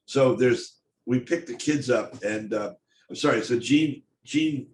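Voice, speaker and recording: An older man recounts his story on stage in a halting, intense voice, often restarting his sentences. His voice sits at an ordinary middle pitch. It rings around an echoey hall with a faint hiss underneath. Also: a little mellow. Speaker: speaker. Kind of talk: personal storytelling talk. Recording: echoey room, faint noise.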